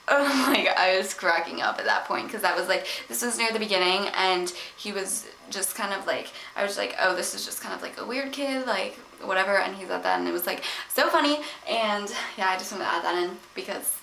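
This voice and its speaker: A teenage girl telling a storytime vlog in a casual chatty way, filling her talk with "like" and getting loud and indignant as she retells. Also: medium pitch, fairly quick, gravelly, slight background noise, poor audio. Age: teens. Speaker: vlogger. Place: home, at one point in a bathroom.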